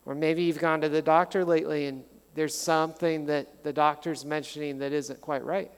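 A middle-aged male pastor delivers a sermon in a warmly conversational, animated way, slipping in light jokes and stories. His voice sits a little higher than most men's. The sound carries a long reverb from the hall around him. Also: normal speed, clear, resonant tone. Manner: conversational, animated storytelling with humor.

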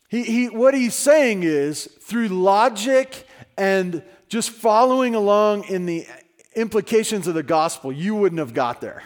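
A man's voice: high-pitched, lively intonation, a little slow. A man preaching a sermon in a conversational way, his voice rising and dropping in level. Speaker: pastor.

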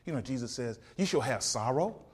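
A man preaching a rousing sermon, swinging from loud peaks to hushed passages and quoting scripture in old King James wording. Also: mid-range voice, lively intonation, a little fast, breathy edge.

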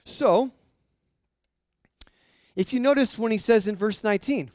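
A male pastor preaching a sermon in a conversational, animated way, often restarting his sentences. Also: high-pitched, unhurried, long pauses, dry recording.

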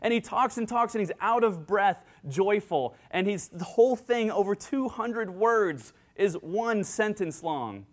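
A man preaching a sermon as pastor, earnest and excitable, acting out joyful quotes, speaking into a handheld microphone. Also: sits high, unhurried, few pauses. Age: adult with children.

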